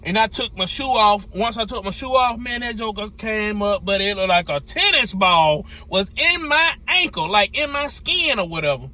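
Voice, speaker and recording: A man, a truck driver telling a story in a lively, repetitive way with folksy slang. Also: sits high, normal speed, hardly any pauses. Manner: animated, repeats phrases, folksy slang. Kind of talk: storytelling to camera.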